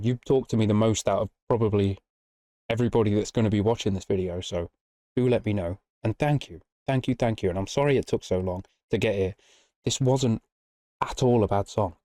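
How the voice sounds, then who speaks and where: A man's voice: fairly low pitch, warm tone, no echo. A man, hosting a music reaction channel and chatting casually, swearing freely and often asking "you know what I mean?". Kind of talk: casual rambling video outro.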